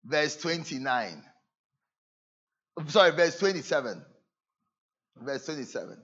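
A man preaching a sermon to his church, earnest, moving between loud emphasis and soft asides. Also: on the high side, big pitch swings, a little slow, long pauses, lo-fi sound. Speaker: pastor. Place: church service.

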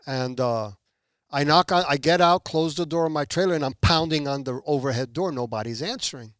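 With a fairly high pitch and a slightly fast pace, a man from Puerto Rico gives testimony as a podcast guest, lively and acting out the people in his story. The recording is dry and studio clean.

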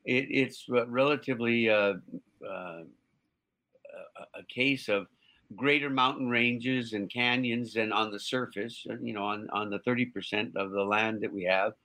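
A man co-hosting an online show, explaining a topic in casual chat, halting, with many restarts and fillers. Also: medium pitch, fairly even intonation, bright, forceful tone, poor audio.

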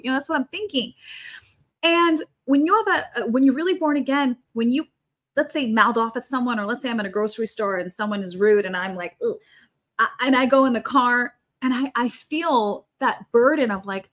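High-voiced woman preaching fervently. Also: normal speed, a bit bright. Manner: emphatic, fervent, repeats for stress. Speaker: podcast guest. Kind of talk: conversational preaching.

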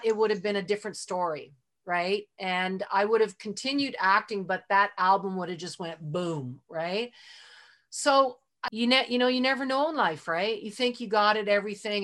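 Her voice is medium in pitch and sharp in tone as she, a middle-aged guest on a podcast, tells career stories in a relaxed, chatty way. Heartfelt and emotionally open, she leans often on "like" and "you know."

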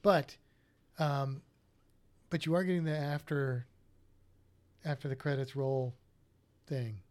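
A man's voice: medium pitch, slow, darkish tone. A man co-hosting a podcast in casual, rambling chat, often restarting his sentences. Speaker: podcast co-host.

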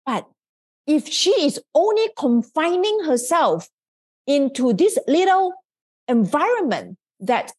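Female podcast host, motivational monologue; high voice that swings widely, earnest and coaching. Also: big pitch swings, slow pace.

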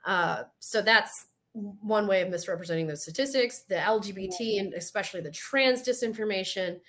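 A woman's voice: mid-range voice, normal speed, fairly bright tone. A woman with a Southern US accent, hosting a podcast in casual chat, telling stories animatedly and acting out quotes. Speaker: podcast host.

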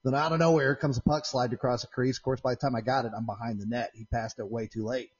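Fast-talking husky man hosting a podcast. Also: mid-range voice, muffled recording. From Central Indiana. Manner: rambling, animated when retelling arguments. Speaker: podcast host. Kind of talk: casual storytelling chat. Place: home shop with doors open.

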